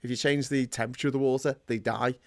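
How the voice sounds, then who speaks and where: A man's voice: mid-range voice, steady tone, fast, no echo, studio quality. A man hosting a casual talk show, blunt and sweary, reading out viewer comments and ranting. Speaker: podcast host. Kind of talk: casual chat.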